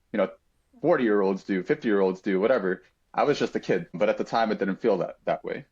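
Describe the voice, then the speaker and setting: A man's voice: on the low side, a little mellow, dull audio. A man telling a personal story on a podcast in an earnest, reflective way, with frequent fillers and restarts.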